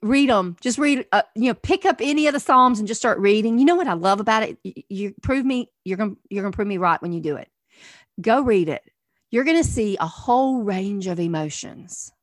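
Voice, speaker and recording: A middle-aged woman minister giving an earnest teaching sermon, asking many rhetorical questions and swinging from soft to emphatic. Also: mid-range voice, lively intonation, brisk, no room sound, studio quality.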